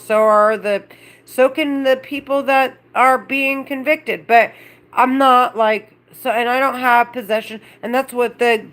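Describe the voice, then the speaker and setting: A woman's voice: on the high side, fairly bright tone. A woman speaking to her livestream in an agitated, angry, rambling rant full of profanity. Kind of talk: agitated monologue to camera.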